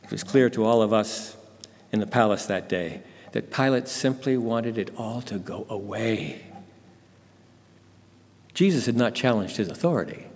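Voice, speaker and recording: A man's voice: fairly low pitch, expressive, normal speed, a little mellow. A man telling a Bible story in the first person, dramatic and intense. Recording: long hall reverb.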